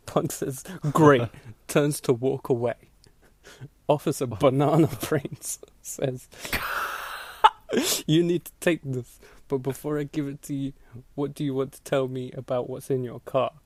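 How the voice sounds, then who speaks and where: A man's voice: medium pitch, darkish tone, dry recording. Man laughing through a mocking reading. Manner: laughing through a mocking read, acting out voices. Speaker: podcast host. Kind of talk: comedic dramatic reading of an old blog post.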